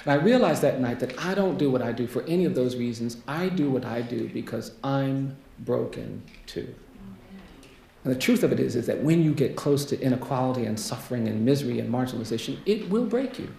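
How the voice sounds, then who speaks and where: Gravelly man telling a story in a hall. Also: medium pitch, lively intonation, fairly quick. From United States. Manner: quiet, earnest storytelling with rhetorical repetition. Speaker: keynote speaker and death-row lawyer. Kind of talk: personal storytelling keynote. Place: lecture hall. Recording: roomy hall echo, faint noise.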